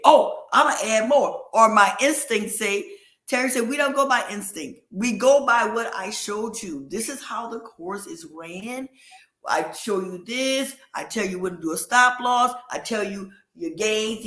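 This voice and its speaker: A woman guest in a casual chat, telling her story with quick asides and laughs. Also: medium pitch, expressive, bright, forceful tone, reverberant.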